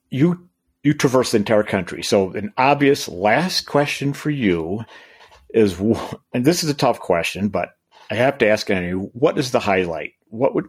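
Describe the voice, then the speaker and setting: Man, interview host, lowish pitch, husky, enthusiastic, repeats himself. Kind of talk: casual interview.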